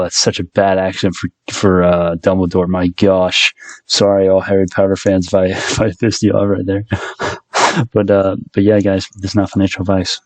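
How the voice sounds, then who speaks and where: A man's voice: low voice, warm tone, no echo. A college-aged man rambling through casual stock market commentary, breaking into rants as the channel host. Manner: rambling, self-interrupting rants. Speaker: stock vlogger.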